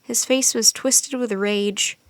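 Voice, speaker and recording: A woman reading a children's chapter book aloud as a storyteller, steady and expressive. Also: a little high, slow pace, dry recording.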